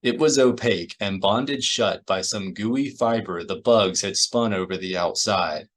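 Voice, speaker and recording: A man with a fairly low voice narrates a novel aloud. He reads in a steady, even storytelling manner. It is plain audiobook narration. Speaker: audiobook reader.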